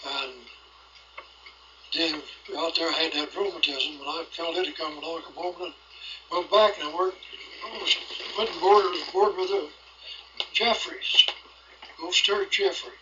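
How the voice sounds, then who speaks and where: An older man with a rather high, very bright voice spins a rambling, folksy tale from his own life. His rural grammar and easy storytelling pace carry the talk. The sound is dull and lo-fi, like a home cassette from the 1980s. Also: steady tone, unhurried, pauses often, slight background noise. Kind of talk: recorded oral history.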